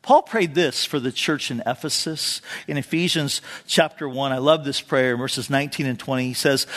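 A man's voice: mid-range voice, normal speed, few pauses, fairly bright tone. A male pastor preaching a sermon in a conversational storytelling way, dropping in "you know" asides and acting out quotes with a raised voice. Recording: long reverb of a large hall.

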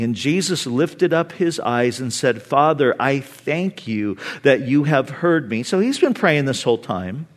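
A man preaching a sermon as pastor, reading scripture aloud and retelling it in casual words, slowing down for emphasis. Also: a little high. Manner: reads scripture aloud, then paraphrases it in casual talk; slows for emphasis and asks the audience to read along.

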